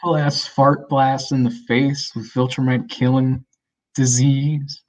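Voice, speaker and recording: A man's voice: medium pitch, flat delivery, darkish tone, low-quality recording. A man co-hosting a podcast in casual chat, mostly giving short reactions and brief opinions. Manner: short reactions and quick comments. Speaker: podcast co-host.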